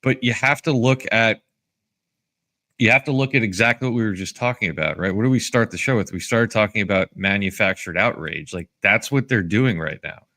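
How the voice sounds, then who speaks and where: A low-pitched American man hosting a talk show. He speaks earnestly in a loose, conversational way and is quick to build on his guest's points. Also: sharp tone. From United States. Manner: earnest, agreeing, quick to jump in. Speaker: show host. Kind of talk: casual talk-show discussion.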